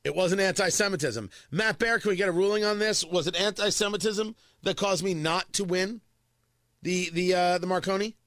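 A man's voice: sits high, normal speed, a bit bright, no echo, studio quality. A middle-aged man hosting a morning talk radio show, delivering an opinionated monologue with emphatic repetition and sarcastic asides. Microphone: studio microphone.

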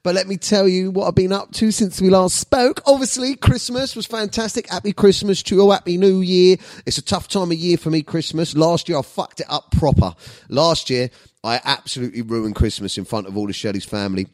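A man's voice: sits high, a little fast, no room sound, clean studio sound. A man, hosting his comedy podcast in a sweary, boisterous monologue.

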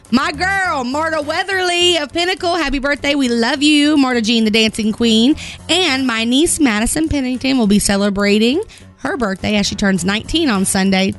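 Role: woman radio host. Style: lively on-air chat. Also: a little high. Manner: expressive, laughing, voice rises when excited. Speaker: morning radio show host. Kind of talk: chatty on-air storytelling and announcements.

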